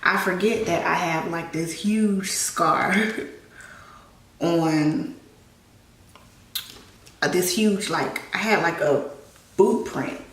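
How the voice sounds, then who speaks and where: A young woman telling a personal story on her vlog, halting and emotional with many restarts, holding back tears. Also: lowish voice, distant mic. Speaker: vlogger. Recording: echoey room, voice a bit off-mic.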